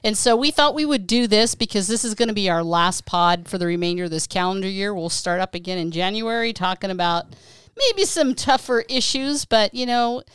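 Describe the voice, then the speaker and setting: A woman's voice: medium pitch, expressive, a little fast, a bit bright, smooth, no echo. A middle-aged woman co-hosting a family podcast, chatting casually and laughing often. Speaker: podcast co-host. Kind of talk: casual chat.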